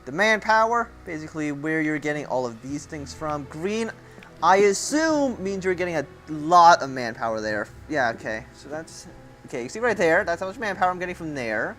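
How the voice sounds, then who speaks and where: A young man talking through a strategy game in a loose, rambling way, full of thinking aloud and joking asides. His voice sits a little high and bright, and his pitch swings widely from line to line. Faint game music plays underneath. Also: very animated, moderate pace. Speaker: gameplay commentator. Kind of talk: casual game walkthrough commentary.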